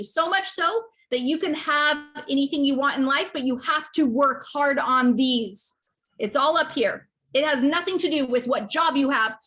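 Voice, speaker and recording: A woman's voice: high-pitched, bright, forceful tone. A woman business coach giving a passionate motivational talk, emphatic and repeating herself for effect.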